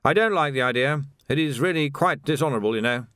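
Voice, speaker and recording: A man's voice: mid-range voice, lively intonation, fast talker, a bit bright, no room sound, clean studio sound, pitched above the performer's own voice, natural voice. A man doing a timid, mournful old-school captain. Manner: hesitant, mournful, genteel.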